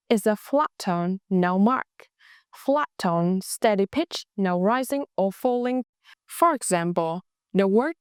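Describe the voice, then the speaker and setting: Young vietnamese-accented woman teaching, very slow and careful, smooth voice. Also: medium pitch, expressive, no echo, clean studio sound. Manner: slow, careful, exaggerated tone demonstrations. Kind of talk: language lesson.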